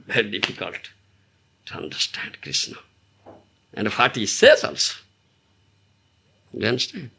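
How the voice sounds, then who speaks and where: A man's voice: on the low side, huge pitch swings, a little slow, creaky, pauses often, bright, forceful tone, slightly rough. A man teaching a devotional lecture to an audience, often asking them rhetorical questions and laughing as he explains. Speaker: spiritual teacher.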